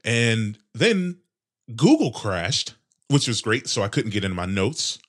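A young man in his twenties hosting a casual solo podcast, rambling and sarcastic with heavy swearing, his nose congested and clearing his throat. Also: fairly low pitch, big pitch swings, a little slow. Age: 20s. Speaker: podcast host.

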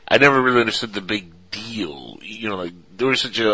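A man's voice: fairly low pitch, lively intonation, a little fast, few pauses, bright, forceful tone, breathy edge, no echo, poor audio. A man co-hosting a casual podcast, chatty and teasing, rambling with fillers. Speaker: co-host.

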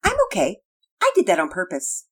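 A woman voicing a proud young schoolgirl who hates losing, speaking in a loud, high, defiant voice. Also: huge pitch swings, takes it slowly, exaggerated voice. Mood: brushing off.

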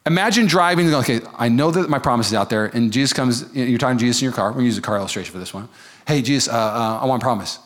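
A male pastor preaching a sermon to a church congregation, animated and acting out the voices of the people he quotes. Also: medium pitch. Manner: animated, acts out quoted voices, quick asides. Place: church service.

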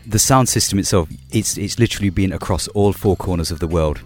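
A man's voice: low-pitched, brisk, soft background music. A man interviewing a guest, asking questions in a polite, admiring tone. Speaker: interviewer, radio DJ.

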